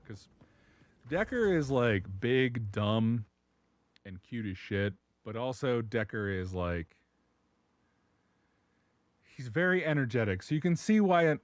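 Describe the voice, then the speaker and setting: A man's voice: lowish voice, dry recording. A man streaming and telling a rambling dog story, laughing often and swearing freely. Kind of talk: casual chat.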